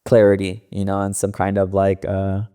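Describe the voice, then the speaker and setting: A man's voice: sits low, completely flat delivery, normal speed, mellow, clear, resonant tone. A young man from the Los Angeles area, a podcast guest, telling loose and profane stories in casual interview talk, full of fillers.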